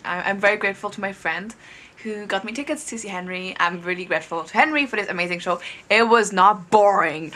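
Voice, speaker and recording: A woman's voice: medium pitch, sharp tone. A young woman vlogging, chatting casually to camera in a rambling way and saying "like" a lot. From outside Korea. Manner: rambling, heavy use of "like", chatty and upbeat.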